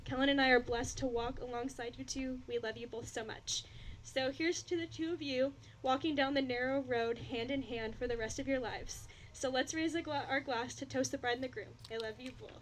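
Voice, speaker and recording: A woman giving a heartfelt, affectionate wedding toast, slightly halting as she speaks. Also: high-pitched, fairly even intonation, slight background noise, rough recording. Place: wedding reception.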